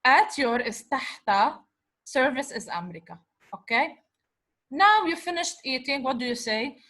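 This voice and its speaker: A woman's voice: high voice, expressive, pushed and bright. A woman teaching a recorded revision lecture, patiently sounding out words syllable by syllable, mixing English and Arabic and often checking in with "okay?". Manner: slow, patient syllable-by-syllable decoding; repeats "okay?" to check understanding.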